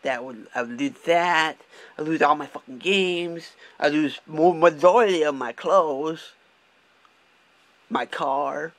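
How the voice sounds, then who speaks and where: A man's voice: fairly high pitch, slow pace, a bit bright. A young man from Michigan talking candidly in a casual vlog, swearing often and restarting his sentences as he drives. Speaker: vlogger. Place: car, driving.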